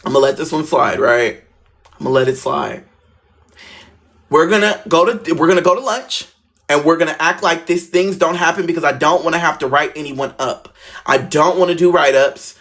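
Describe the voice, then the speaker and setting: A man playing a calm, firm school principal lady. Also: a little high, moderate pace. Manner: calm, lecturing. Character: firm middle-aged female school principal.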